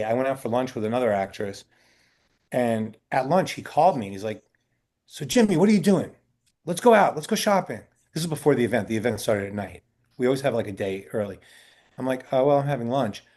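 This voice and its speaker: A man's voice: mid-range voice, fast talker, darkish tone. A man who works as a talent agent answers interview questions in a casual way, telling long anecdotes, acting out the people he quotes and using many fillers and restarts. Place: indoor sit-down interview.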